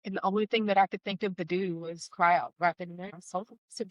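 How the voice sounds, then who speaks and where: A woman's voice: lowish voice, steady tone, fast talker, few pauses, no room sound, dull audio. A woman telling her personal testimony as an interview guest, candid and heartfelt, with wry asides. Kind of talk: emotional personal storytelling.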